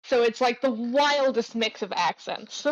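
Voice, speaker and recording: A woman's voice: on the high side, unhurried. Woman chatting on a dull lo-fi mic. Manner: rambling storytelling with many fillers. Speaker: podcast co-host. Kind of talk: casual chat.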